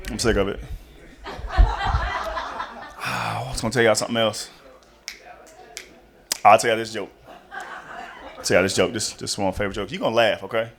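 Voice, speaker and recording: A man's voice: medium pitch, sing-song, fairly quick, gravelly, long pauses, crowd noise. A young man doing a stand-up routine in a chatty, rambling way with many asides, speaking on a comedy stage into a handheld mic.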